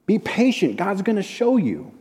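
A man preaching a storytelling sermon, slowing for emphatic repeated refrains and then dropping quick and hushed to tell a story. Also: sits high, wildly swooping pitch. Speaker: preacher and ministry director. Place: conference hall. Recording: long reverb of a large hall.

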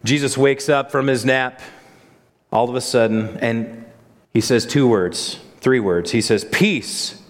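A man's voice: medium pitch, fairly even intonation, measured pace. Reverberant conversational male pastor. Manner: conversational, asks the congregation questions. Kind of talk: sermon. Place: church service.

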